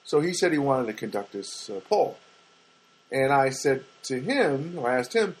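Husky-voiced rambling podcast man. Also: medium pitch, expressive, moderate pace, poor audio. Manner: rambling, self-deprecating, lots of fillers. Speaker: podcast host. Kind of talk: casual rambling storytelling.

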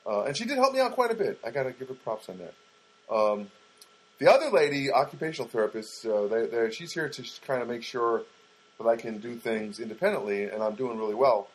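Sex: man. Style: casual storytelling monologue. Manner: rambling, conversational. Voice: husky, mid-pitched. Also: expressive, a little fast, low-quality recording. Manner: rambling, conversational, frequent restarts.

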